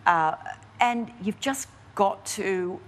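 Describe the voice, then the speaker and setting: An Australian woman, an investigative journalist, is a guest answering interview questions, speaking slowly in a mid-range voice. Her replies are candid and lively, marked by frequent restarts and fillers.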